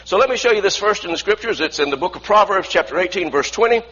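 A man's voice: high voice, lively intonation, fast talker, sharp tone, slightly rough, highs cut off. A man preaching a sermon earnestly, often restarting phrases and asking the congregation to repeat lines after him.

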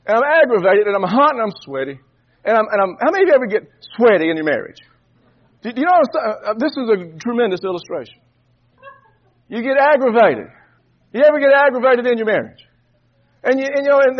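A man's voice: high voice, highs cut off. A man preaching a sermon, telling a folksy story and often repeating and restarting words.

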